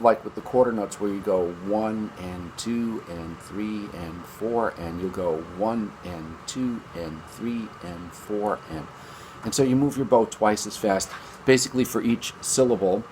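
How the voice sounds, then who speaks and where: A man's voice: fairly low pitch, darkish tone, a little hiss or hum. A man teaching a string lesson from his basement, upbeat and chatty, counting beats aloud. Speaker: music teacher. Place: home basement.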